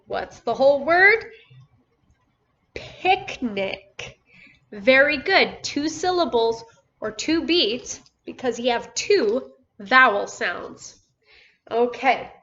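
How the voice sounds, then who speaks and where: A woman teaching phonics to young children, speaking slowly and patiently and stretching out each syllable. Her voice sits a little high and sounds bright. The recording is dull and lo-fi. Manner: slow, patient, drawn-out words with encouraging praise. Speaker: first grade teacher.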